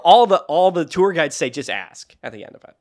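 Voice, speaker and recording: A man's voice: high-pitched, expressive, quick pace, a little mellow. A young man co-hosting a podcast, telling rambling stories in casual chat and laughing often. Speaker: podcast co-host.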